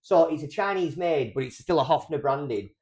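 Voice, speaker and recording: A man's voice: on the high side, lively intonation, darkish tone. A young man co-hosting a podcast, chatting in a rambling, jokey way. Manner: rambling, jokey, quick-talking. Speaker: podcast co-host. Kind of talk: casual banter.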